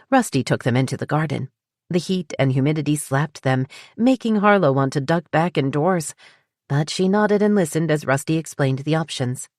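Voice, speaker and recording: Low, steady woman narrating a novel. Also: normal speed, no room sound, clean studio sound. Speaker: audiobook narrator. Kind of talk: scripted narration.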